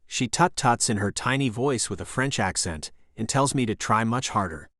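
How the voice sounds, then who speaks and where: A man narrating a romance audiobook in the first person, earnest and heartfelt. His voice sits at an ordinary middle pitch. The sound is dry and close, with no room echo. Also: fairly bright tone.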